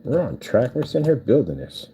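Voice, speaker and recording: A man's voice: medium pitch, big pitch swings, brisk, warm tone, rough recording. A man chatting casually and rambling as he builds a cardboard project, talking half to himself. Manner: meandering, talks to himself while working. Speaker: vlogger building cardboard PC cases. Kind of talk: casual rambling chat while crafting. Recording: background noise with clicking.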